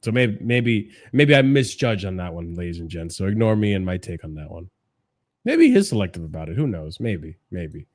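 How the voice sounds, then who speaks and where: A man streams from his desk, reacting to fan videos with mocking, profane commentary. His voice drops to a mutter, then jumps to loud outbursts that push his desk microphone into clipping. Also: low-pitched, big pitch swings, moderate pace. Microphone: desk microphone, clipping when loud.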